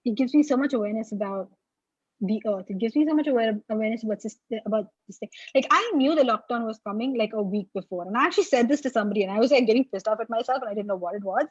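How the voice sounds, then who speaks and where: A fairly high, husky woman talks in lively storytelling bursts, packing her sentences with "like". She sounds dull and lo-fi, as if over a video call, with no room sound around her. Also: rapid-fire, no echo. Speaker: guest. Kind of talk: casual conversation.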